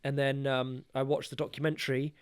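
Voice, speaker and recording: A young man chatting as a podcast guest, telling stories with animation, laughing and swinging between loud and soft. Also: mid-range voice, flat delivery, fairly quick, smooth, no room sound. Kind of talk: casual chat. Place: podcast recording.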